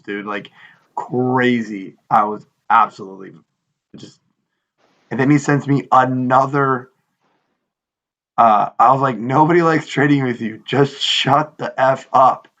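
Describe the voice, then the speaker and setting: Man, thirties, gravelly, animated casual storytelling, muffled lo-fi podcast sound. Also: on the low side. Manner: animated storytelling, acts out quotes with exasperation. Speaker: podcast co-host. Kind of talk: casual chat.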